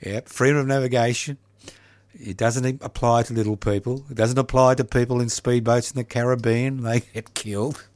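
A man's voice: medium pitch, steady tone, moderate pace, a little mellow, no room sound. Male talkback host, wry and opinionated, dry studio mic. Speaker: radio host. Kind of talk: talkback radio hosting.

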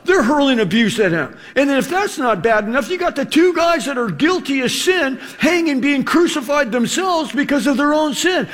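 A man preaching a sermon in an animated, rhetorical way, acting out the quotes he reads. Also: very high-pitched.

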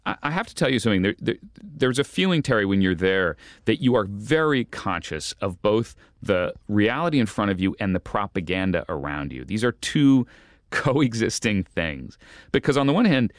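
Journalist guest, very low man's voice, lively storyteller with restarts and amused asides, dry close sound. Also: moderate pace, dry recording. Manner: animated, stumbling restarts, amused. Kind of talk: interview storytelling.

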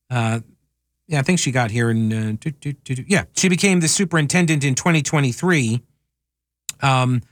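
A man's voice: on the high side, no echo, studio quality. Wry male talk radio host. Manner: wry, sarcastic asides. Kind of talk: casual talk radio monologue. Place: radio studio.

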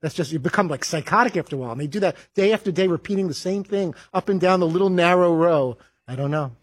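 A man's voice: high voice, quick pace, husky. A man co-hosting a radio show, rambling earnestly through stories in casual studio banter. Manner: rambling, earnest, slightly naive storytelling.

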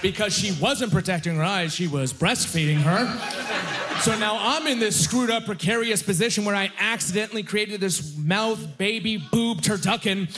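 Self-mocking male stand-up comedian on stage. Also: high voice. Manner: self-deprecating, conversational storytelling with quick asides. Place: comedy stage before a laughing audience.

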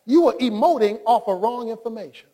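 Male preacher, very high husky voice, impassioned, climbs into shouts. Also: expressive, brisk. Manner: impassioned, often rising to shouting. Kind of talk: sermon.

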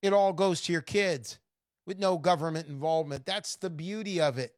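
A woman giving an emphatic, mocking sales pitch, making her case with scorn and punchy asides. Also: moderate pace, dry recording, studio quality. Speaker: gold investment promoter.

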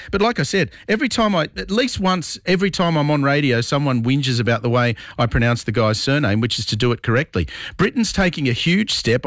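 An Australian man hosts talkback radio, his voice sitting at an ordinary middle pitch. He talks bluntly and with firm opinions, picking apart listeners' messages. The studio sound is dry and close, with no room echo. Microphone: broadcast studio mic.

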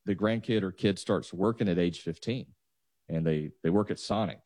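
A man's voice: low voice, normal speed, a little mellow, no room sound. A man, a financial advisor patiently walking listeners through numbers on a talk show. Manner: explanatory, walks through numbers step by step.

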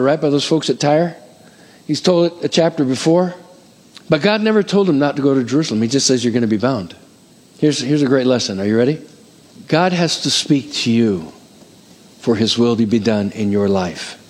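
A middle-aged man preaching a sermon as pastor, who counts off numbers quickly like an auctioneer and then slows down to teach. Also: mid-range voice. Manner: energetic, rapid counting like an auctioneer. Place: church hall. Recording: long hall reverb.

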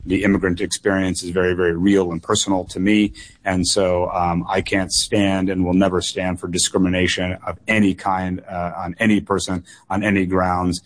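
Male political candidate, thirties, low-pitched, earnest, doubles words for emphasis, radio guest. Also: flat delivery, moderate pace. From United States. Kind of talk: radio call-in interview.

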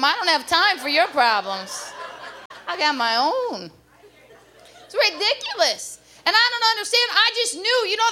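A woman with a very high-pitched voice does a stand-up routine at a club, holding a mic and delivering brash, loud, punchy lines. There's a little hiss or hum in the recording.

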